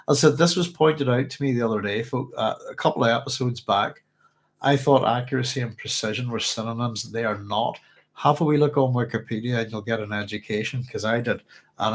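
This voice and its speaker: A man hosting a book club, chatting casually and reading passages aloud, with a thoughtful, rambling manner full of fillers and self-corrections. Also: mid-range voice.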